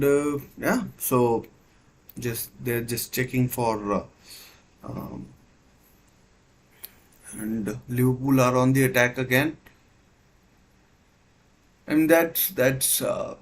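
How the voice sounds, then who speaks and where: A man's voice: mid-range voice, steady tone, takes it slowly, long pauses, poor audio. A man hosting a live football watchalong, giving hesitant play-by-play with many fillers and restarts. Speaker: watchalong host. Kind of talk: live match commentary watchalong.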